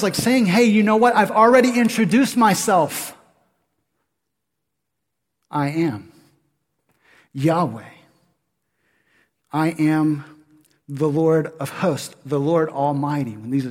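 A man preaching a sermon as pastor, animated, with rhetorical questions to the congregation. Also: high-pitched. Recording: long hall reverb.

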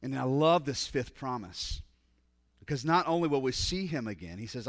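A man preaching a sermon as pastor, telling a story, acting out the lines of the people in it, and building to loud, emphatic passages. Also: mid-range voice, animated, normal speed. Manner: storytelling, acts out quoted dialogue, rises to loud emphatic passages. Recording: long hall reverb.

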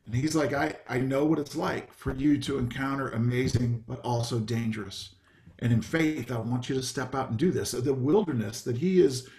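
A man's voice: medium pitch, darkish tone. Man preaching a casual sermon. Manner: conversational, with many ums and asides. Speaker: pastor. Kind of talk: sermon over a video call. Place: home, video call.

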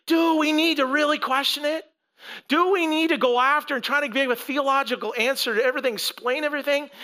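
A male pastor with a strikingly high voice preaches in a loose, conversational way. His tone is bright and forceful as he tells the story with animation and slips into the voices of its people. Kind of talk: conversational sermon.

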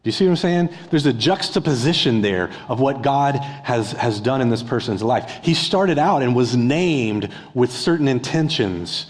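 A middle-aged pastor preaching a conversational sermon, asking his listeners rhetorical questions and acting out a beggar's yelling in places. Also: mid-range voice, expressive, moderate pace, hardly any pauses. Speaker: discipleship pastor. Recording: long hall reverb.

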